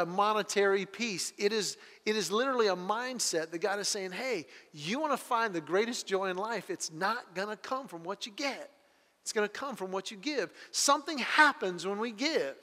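A man preaching a sermon, telling stories and acting out the voices in them, swinging from loud bursts to quiet, earnest passages. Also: sits high, in a large hall. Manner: animated storytelling, acting out voices with big swings in loudness. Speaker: pastor.

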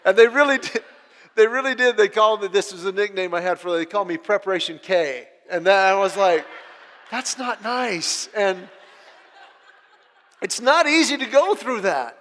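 A middle-aged man with a notably high voice tells humorous personal stories to a live audience. He is animated and self-deprecating, restarting his phrases as he goes. His voice carries the long reverb of a large hall. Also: moderate pace. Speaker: speaker sharing a personal testimony.

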